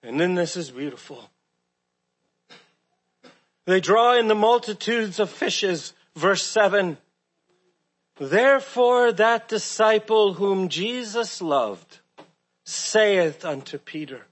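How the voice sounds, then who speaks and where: A man preaching a sermon, earnest and asking rhetorical questions, often dropping soft and low at key words. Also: expressive, slow pace, long pauses.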